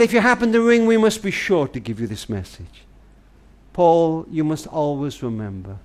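A man telling a long tender story on a family radio program, addressing the listener as "darling" and slowing right down to hushed words for emphasis. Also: high voice. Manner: tender, dramatic storyteller, often says "darling"; slows and drops to near-whisper for emphasis. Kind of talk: storytelling talk.

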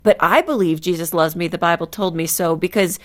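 A woman's voice: fairly low pitch, a little fast. A woman author, a guest on a Christian radio show, telling personal stories in a conversational way with fillers. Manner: warm storytelling, with fillers.

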